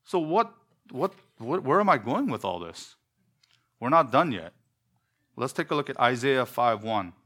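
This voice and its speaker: A man's voice: medium pitch, very animated, a little slow, long pauses, a bit bright. A man teaching a Bible lesson, explaining words emphatically and repeating himself as he thinks.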